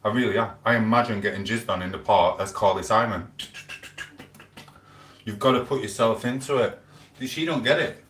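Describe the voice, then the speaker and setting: A man's voice: on the low side, moderate pace, pauses often, a bit bright. A man, chatting and rambling through stories on a live stream, quoting back-and-forth conversations. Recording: echoey room, voice a bit far from the mic.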